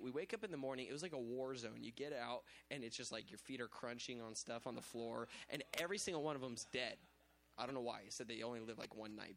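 A man's voice: mid-range voice, gravelly, fairly bright tone. A young adult man preaching a sermon, telling stories animatedly with quoted voices and laughter.

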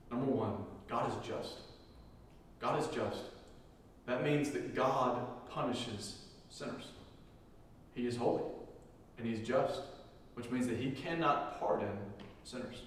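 Male pastor, emphatic sermon delivery, repeats key lines, recorded from a distance in a big reverberant hall. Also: medium pitch. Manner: emphatic preaching, repeating key phrases, swinging between loud and hushed. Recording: echoey hall from far off.

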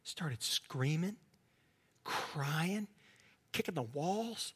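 High-voiced earnest male preacher. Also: animated, drawn-out words, noisy background. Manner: earnest preaching, drops to a soft hush at times. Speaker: pastor. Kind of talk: sermon.

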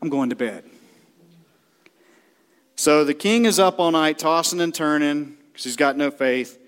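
Emphatic shouting male pastor. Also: fairly high pitch. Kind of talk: sermon.

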